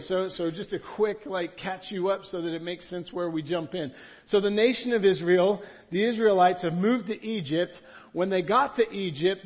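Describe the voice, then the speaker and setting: A man, a pastor, preaching a sermon in a church room in a conversational style, repeating key words for emphasis. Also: sits high. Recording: dull lo-fi sound.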